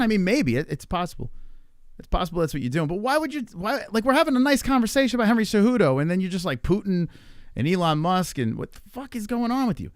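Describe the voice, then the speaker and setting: A man's voice: sits high, dry recording, clean studio sound. A man streaming a rambling, profane monologue with an exasperated manner. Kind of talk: ranting casual monologue.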